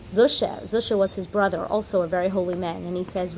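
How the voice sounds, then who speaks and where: A woman teacher giving a holiday lesson to children, telling a story in an animated way and acting out the characters' lines. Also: on the low side, a little fast, few pauses, slight background noise, rough recording.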